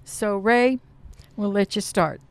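A woman co-hosting a radio talk show, introducing a guest in a slow, measured way. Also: medium pitch, smooth. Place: radio studio.

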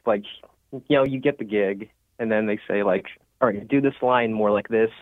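A man's voice: lowish voice, moderate pace, no room sound. Young male caller, chatty and upbeat, heard over a tinny phone line. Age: 20s. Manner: upbeat, chatty, many "like" fillers. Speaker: caller, student actor. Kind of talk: phone-in radio interview.

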